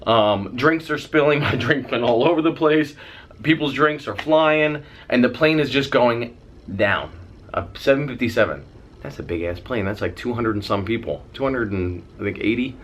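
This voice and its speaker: A man's voice: medium pitch, normal speed, a little hiss or hum. A young man telling a dramatic story in a casual vlog, swearing freely and mimicking the noises as he goes. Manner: animated, dramatic retelling with sound effects. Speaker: vlogger.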